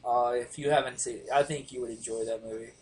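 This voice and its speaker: A man hosting a casual podcast chat, telling stories in an animated, profane way. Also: medium pitch, fast talker, a little hiss or hum. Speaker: podcast host.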